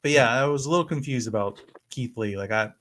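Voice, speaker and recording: A man's voice: medium pitch, fast, a bit bright. Easygoing, hesitant male podcast co-host. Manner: easygoing, hesitant, many fillers. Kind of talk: casual wrestling podcast chat.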